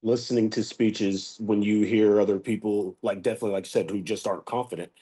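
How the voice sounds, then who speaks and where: A man's voice: fairly low pitch, steady tone, brisk, warm tone, slightly rough. A man taking part in a class, answering hesitantly as he searches for words. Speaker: course participant.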